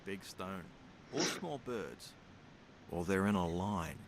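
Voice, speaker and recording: A deadpan, literal-minded young man. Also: sits low, takes it slowly, a little hiss or hum, full character voice. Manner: deadpan, puzzled by expressions. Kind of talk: video game voice acting.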